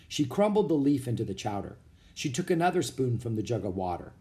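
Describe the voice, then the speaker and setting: A man reading a children's book aloud as narrator, with expressive storytelling. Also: medium pitch, a little fast. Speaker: audiobook narrator.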